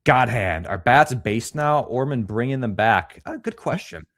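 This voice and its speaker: A man's voice: mid-range voice, animated, a little slow, fairly bright tone, dry recording, studio quality. A man co-hosting a casual livestream, reading chat comments aloud and joking crudely. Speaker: podcast co-host.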